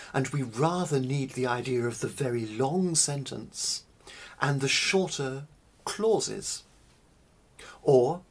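Male music teacher, breathy, unhurried, deliberate delivery with stressed single words. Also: medium pitch. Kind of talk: spoken lecture on music.

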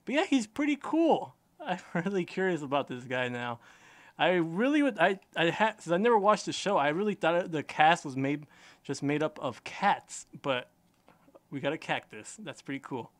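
Man, unboxing vlog host, rambling and excitable, higher voice. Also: normal speed, no room sound. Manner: chatty and easily excited, rambling.

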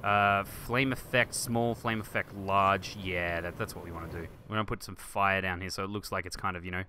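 A man hosting a game video, thinking aloud and getting excited as he chats to objects on screen. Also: low-pitched, fast, slight background noise. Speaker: gaming video host. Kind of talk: let's play commentary.

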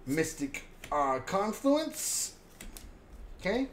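A man hyped up while opening card packs, counting out loud and calling out each card he pulls. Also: high-pitched, sing-song, extremely slow. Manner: hyped, counts cards aloud, names each pull. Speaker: card pack opener. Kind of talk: casual card-opening commentary. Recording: roomy echo, faint background hum.

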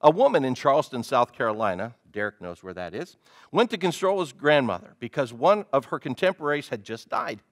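Animated male pastor preaching. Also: medium pitch, fairly quick. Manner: animated, asks the congregation questions. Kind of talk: sermon.

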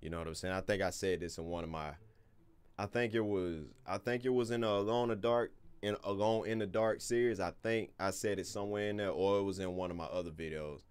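Rambling, low-voiced man playing a game. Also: fairly quick, a little mellow, clear, resonant tone. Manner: loose, rambling, swears casually, talks to viewers. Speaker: gaming YouTuber. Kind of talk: casual gameplay commentary.

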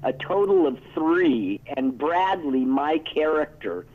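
A sixties-aged man as a phone-in guest who tells rambling stories; fairly high voice on a tinny phone line. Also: animated, slow pace. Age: 60s. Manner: rambling, self-interrupting storyteller. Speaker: interview guest. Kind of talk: casual phone interview. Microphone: telephone.

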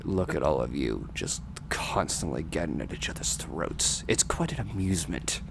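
A man putting on the voice of a sneering villain in a low, quiet, mocking tone. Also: lively intonation, normal speed, gravelly, noisy background, exaggerated voice. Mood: gloating. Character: sneering, gloating male villain.

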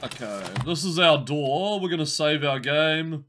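A man's voice: a little high, unhurried, fairly bright tone. A man casually commenting while he plays a game live, with wry, chatty reactions. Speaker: game streamer.

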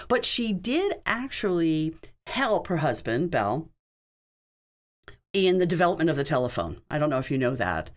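A woman interpreter voices a signed question-and-answer session in a low-pitched voice. Her intonation rises and falls a great deal. She keeps it conversational and explanatory, speaking in short phrases. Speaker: sign language interpreter.

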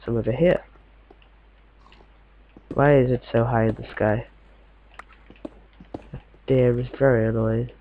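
A man's voice: medium pitch, little pitch movement, slow pace, long pauses, narrow, tinny audio, slight background noise. A young man giving casual, chatty commentary while playing a game, talking to himself in a slightly posh way. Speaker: gamer.

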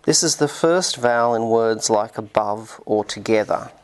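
A man narrating a scripted linguistics lesson in a measured, explanatory way. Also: fairly low pitch. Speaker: linguistics lecturer.

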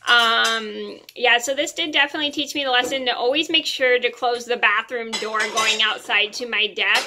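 A woman's voice: on the high side, fairly even intonation, moderate pace, noisy background. A young woman vlogger telling a story to camera in a chatty, rambling way, full of ums and restarts.

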